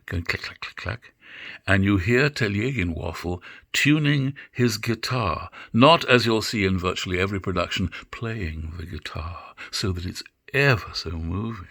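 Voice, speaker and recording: An older man giving an unscripted lecture on drama, musing and halting, with many fillers and restarts. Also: sits low, vocal fry, fairly bright tone, no room sound, clean studio sound.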